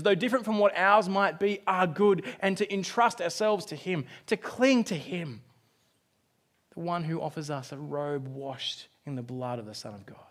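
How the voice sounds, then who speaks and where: A male pastor preaching a sermon, telling a story with dramatic swings from loud outbursts to hushed, quiet lines. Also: fairly high pitch.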